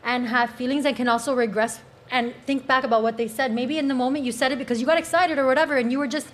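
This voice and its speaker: High-voiced reproachful woman. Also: steady tone, fast talker. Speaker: podcast panelist. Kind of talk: heated panel debate.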